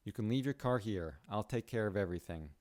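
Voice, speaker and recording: A man's voice: fairly low pitch, expressive, brisk, darkish tone, natural voice. A man playing a courteous male valet who speaks formally to a guest. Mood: polite.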